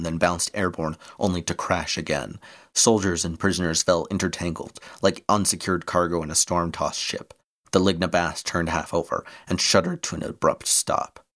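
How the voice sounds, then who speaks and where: A man reading an adventure story aloud in steady scripted narration. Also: low-pitched.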